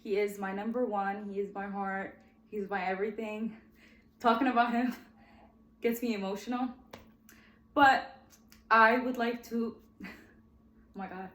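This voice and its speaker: Her mid-range voice stays steady and measured, with long pauses, a bit of brightness and a roomy sound. A twenty-something woman, she hosts her own podcast, sharing her life story chattily and warmly, often saying "guys" and sometimes nearly tearful.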